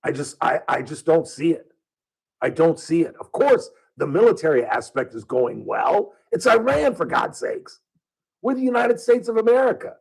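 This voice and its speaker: A man's voice: fairly high pitch, very animated, normal speed, creaky, a little mellow, slightly rough, low-quality recording. A male talk radio host speaking from a studio, delivering a combative opinion monologue full of rhetorical questions. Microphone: studio microphone.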